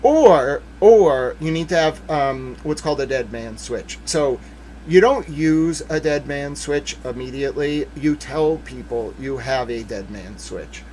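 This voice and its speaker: A man giving casual, rambling legal commentary on a stream, animated, with jokey asides and mock voices. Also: mid-range voice, measured pace, a little hiss or hum.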